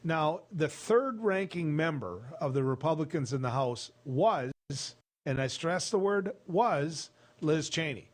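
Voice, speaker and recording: A man's voice: a little high, expressive, unhurried. A man hosting a radio talk show, giving conversational opinion commentary and explaining things step by step with frequent "uh"s.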